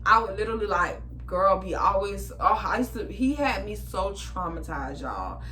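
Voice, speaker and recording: Bright-voiced, blunt young woman vlogger. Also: mid-range voice, normal speed. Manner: animated, blunt, swearing, talking straight to viewers. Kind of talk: storytime chat to camera.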